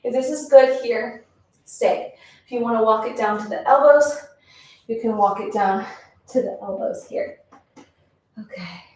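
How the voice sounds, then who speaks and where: A woman's voice: a little high, moderate pace, a little mellow. A woman teaching a pilates class, counting reps and giving encouraging cues, a little out of breath. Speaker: pilates instructor. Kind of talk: workout instruction. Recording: echoey room, mic at a distance.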